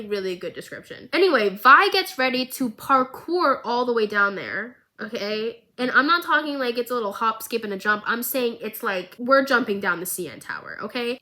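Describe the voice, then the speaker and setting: Excitable woman gushing through a recap. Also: fairly high pitch. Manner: excitable and gushing, with quick asides. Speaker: vlogger. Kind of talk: casual recap commentary.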